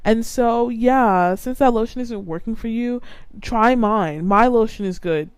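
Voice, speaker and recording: A woman's voice: on the high side, measured pace, clear, resonant tone, no echo. A young adult woman hosting a podcast, ranting casually and with exasperation, full of "like" fillers. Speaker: podcast host.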